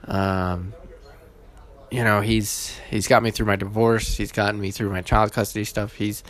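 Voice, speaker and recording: A man hosting his own podcast, casual and halting, with many fillers and restarts, emotional and holding back tears. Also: lowish voice, little pitch movement, fairly bright tone. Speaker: podcast host.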